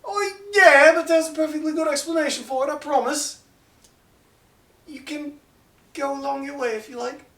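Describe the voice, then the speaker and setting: A man's voice: extremely high pitch, steady tone, normal speed, long pauses, pushed and bright, pitched above the performer's own voice. A man voicing a sly male elf rogue, glib and lecturing. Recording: roomy, mic far off.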